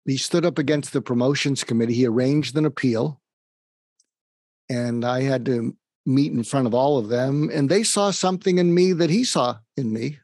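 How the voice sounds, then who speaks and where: A man's voice: medium pitch, a little mellow, dry recording. Male psychiatrist guest, earnest storyteller, dry close sound, acts out quoted lines. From suburb of Boston, USA. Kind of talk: personal storytelling.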